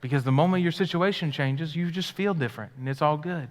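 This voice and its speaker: A man's voice: on the high side, quick pace. Dynamic male pastor preaching in a reverberant hall. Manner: dynamic preaching, swings from loud and excited to hushed and quiet. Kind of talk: live sermon. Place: church sanctuary. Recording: live church hall with long reverb.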